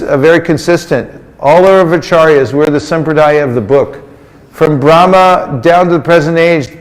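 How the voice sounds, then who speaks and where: Man leading an interactive sermon in a reverberant hall. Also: a little high. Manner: coaxing the audience into call-and-response answers; playful, teasing. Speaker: religious teacher. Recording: long reverb of a large hall.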